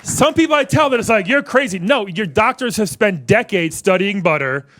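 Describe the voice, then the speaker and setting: A man in his forties from New York works through a stand-up set in a wry, conversational way. He keeps turning to the crowd to banter, and his speaking voice sits a little on the high side. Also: animated, moderate pace, fairly bright tone, slight background noise. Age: 40s. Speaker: stand-up comedian. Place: comedy club stage with a live audience.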